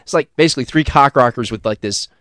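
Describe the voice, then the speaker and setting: A man co-hosting a casual talk show, telling a rambling story and doing loud imitations of crowd chants. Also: medium pitch, fast talker, clean tone, no room sound, studio quality. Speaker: podcast co-host. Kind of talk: casual chat.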